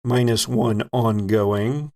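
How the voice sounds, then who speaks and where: A man running a tabletop horror game as game master, narrating scenes slowly and deliberately. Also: medium pitch, fairly even intonation, darkish tone.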